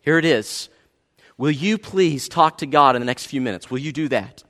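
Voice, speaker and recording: A man preaching a sermon as pastor, earnest and pleading, often dropping to a hush. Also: mid-range voice, moderate pace. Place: large church sanctuary. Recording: reverberant church hall.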